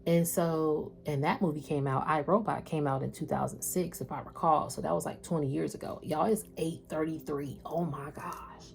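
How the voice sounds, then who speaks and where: A woman's voice: sits low, steady tone, normal speed, gravelly, few pauses, slight background noise. A woman doing a casual spiritual reading, chatting with viewers in a slangy, loose way. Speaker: spiritual tarot reader.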